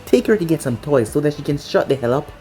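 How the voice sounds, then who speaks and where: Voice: mid-range voice, lively intonation, fast, mellow, close to an everyday voice. A narrator voicing a stern, powerful woman leader who talks in a commanding, dry way, over faint music.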